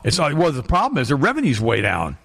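Guy rattling off a story quick, repeats himself when fired up, echoey room. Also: fairly high pitch, creaky. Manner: animated storyteller, repeats words when excited. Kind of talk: casual chat, telling an anecdote.

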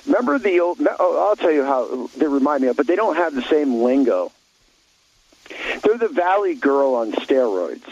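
A man's voice: fairly high pitch, a little mellow, muffled recording. A man talking in a blunt, opinionated way on a talk radio show, rambling with many restarts.

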